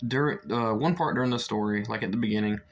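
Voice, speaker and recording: A man's voice: on the low side, fast talker. A young man chatting casually through a book review, rambling with lots of fillers and restarts.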